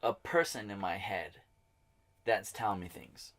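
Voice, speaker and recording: A talkative young man co-hosting a casual podcast, telling stories in an animated way and swearing freely. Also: fairly low pitch, measured pace. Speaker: podcast co-host. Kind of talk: casual chat.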